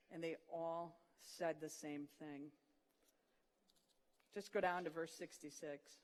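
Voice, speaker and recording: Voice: mid-range voice, steady tone, measured pace. Earnest preacher in a reverberant hall. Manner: earnest, retelling scripture vividly, dropping soft for emphasis. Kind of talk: sermon. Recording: long reverb of a large hall.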